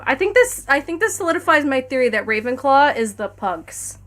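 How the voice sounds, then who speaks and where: A woman with a fairly high voice reads a fanfic aloud on a stream. She keeps stopping to laugh and toss in wry comments, and faint music plays behind her. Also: sing-song, a little fast, fairly bright tone. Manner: breaks off laughing, wry asides.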